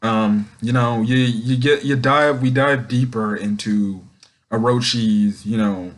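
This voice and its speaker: A young man rambles through a casual recap and review of an anime episode. He keeps starting over mid-sentence and fills gaps with ums. His voice sits at an ordinary middle pitch. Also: steady tone, slow pace. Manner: rambling, many ums and restarts.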